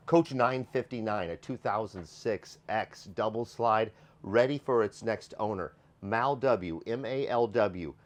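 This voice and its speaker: Upbeat low-voiced man touring a motorhome. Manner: upbeat and enthusiastic, repeats praise. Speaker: host of a motorhome sales show. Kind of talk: casual walkthrough tour presentation. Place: inside a motorhome.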